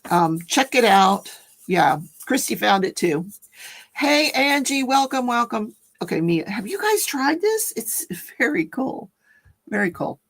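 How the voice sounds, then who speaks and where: A woman's voice: a little high, big pitch swings, measured pace. An older woman, a grandmother, chatting casually as host of a livestream, rambling and correcting herself as she tells a story.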